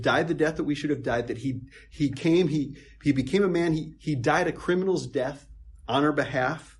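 A man preaching a sermon, emphatic, with repeated words, moving between strong stress and quiet asides. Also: medium pitch, brisk, husky.

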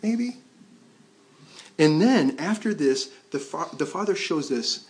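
A man's voice: fairly high pitch, expressive, slow, long pauses, darkish tone. A man preaching a sermon to a church congregation. He talks in a conversational way, with fillers and restarts, and acts out the quotes he tells. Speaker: pastor.

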